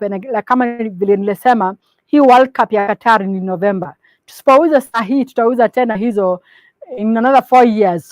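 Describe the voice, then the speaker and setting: A woman with a Kenyan accent giving a business presentation to partners. She switches between English and Swahili mid-sentence and speaks in a measured, instructive way. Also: fairly high pitch, no room sound. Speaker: company presenter.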